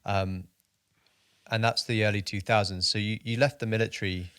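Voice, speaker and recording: Smooth-voiced male podcast host. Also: on the low side, steady tone, normal speed, a bit bright, no room sound, studio quality. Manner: encouraging, brief affirmations. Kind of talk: interview questions.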